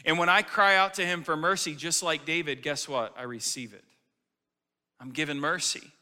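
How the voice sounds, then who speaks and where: A man's voice: on the high side, fairly even intonation, moderate pace, pushed and bright, long reverb tail. A man preaching a sermon to a congregation in a casual, conversational way, asking many questions. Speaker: pastor.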